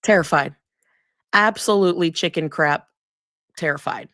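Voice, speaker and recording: A woman's voice: lowish voice, normal speed, fairly bright tone, no room sound, studio quality. A woman guest on a talk show, a congresswoman, talking emphatically and indignantly with many restarts. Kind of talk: political interview.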